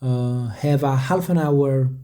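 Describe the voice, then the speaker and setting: Talking casually to camera, a vlogger whose first language isn't English speaks slowly in a mellow, mid-range voice. He rambles hesitantly, restarts often, and trips over word pronunciations.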